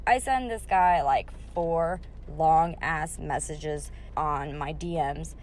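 A woman in her thirties hosting a solo podcast, telling stories in a blunt, profane, animated way and quoting other people. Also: low-pitched, unhurried, few pauses, a little hiss or hum. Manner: blunt, profane, animated retelling with quoted voices. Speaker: podcast host. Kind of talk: casual solo podcast storytelling.

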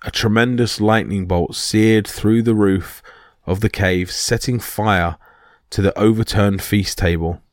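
Man, low voice, steady storytelling narration, dry close sound. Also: measured pace, no room sound. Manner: steady reading with small slips. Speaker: podcast host and narrator.

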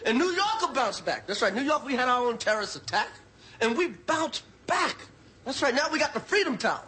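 High-pitched shouting stand-up comic man. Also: big pitch swings, brisk, a little hiss or hum. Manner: loud, repeats punchlines, shouts for emphasis. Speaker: stand-up comedian. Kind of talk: stand-up monologue. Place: TV studio stage with live audience. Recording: live show with loud crowd laughter. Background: audience laughing and cheering.

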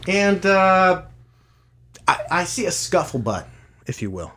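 A man's voice: high voice, big pitch swings, takes it slowly, a bit bright, a little hiss or hum. Crude, exasperated man telling a story. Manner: crude, exasperated, swears constantly. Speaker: podcast co-host telling a retail story. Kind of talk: casual profane storytelling. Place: podcast studio.

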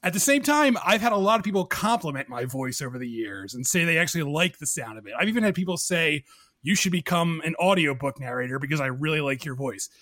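A man with a deep, gravelly voice talks in casual podcast chat. He rants with self-deprecating laughs. The sound is dry and close, with no room echo. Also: animated, quick pace, pushed and bright. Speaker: podcast host.

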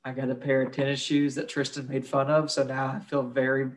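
A man's voice: mid-range voice, completely flat delivery, fairly quick. A young man co-hosting a casual podcast, crude and joking, swearing freely. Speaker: podcast co-host.

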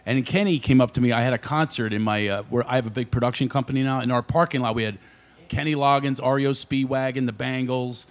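A comedian guest telling stories on a radio show, full of energy and loud impressions of his friends. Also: medium pitch, fast talker. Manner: animated storyteller, shouts impressions of friends. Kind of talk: casual radio chat, storytelling.

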